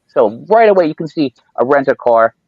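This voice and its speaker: A man's voice: medium pitch, very animated, normal speed, no echo. A man in casual chat on a podcast, telling rambling stories and acting out the people he quotes. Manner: rambling storyteller, acts out quoted voices. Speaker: podcast host. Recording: dull lo-fi sound.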